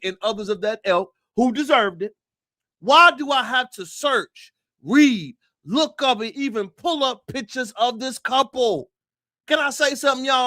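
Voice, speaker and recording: A high-pitched man hosts an opinionated livestream, talking straight to his viewers. He hammers points with rhetorical questions and repeated phrases and sometimes breaks into a shout. The sound is dry and close, with no room echo. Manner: emphatic, rhetorical questions, addresses viewers directly. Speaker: livestream host.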